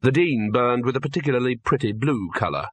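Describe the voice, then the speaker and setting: A man reading an audiobook in a measured, dry storytelling manner. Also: mid-range voice, lively intonation, no room sound. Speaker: narrator. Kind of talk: audiobook narration.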